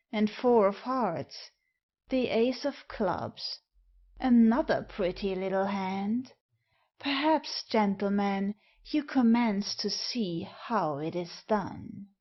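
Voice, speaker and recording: A woman reading the part of a suave, mocking male cardsharp, sly and teasing. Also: medium pitch. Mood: smug. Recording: dull lo-fi recording.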